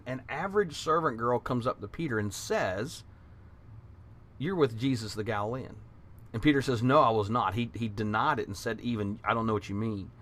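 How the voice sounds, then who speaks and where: A man's voice: medium pitch, a bit bright. Earnest man teaching Bible class. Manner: earnest, conversational, retells scripture with quotes.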